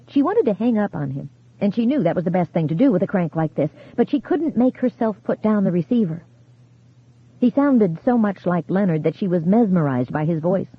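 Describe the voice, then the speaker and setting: Lively, husky horror audiobook narrator. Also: mid-range voice. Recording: tinny phone-like sound.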